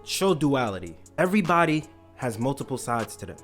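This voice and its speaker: A man telling a comedic story with deadpan dark humor, sometimes mimicking coworkers in a high voice. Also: a little fast, faint music behind.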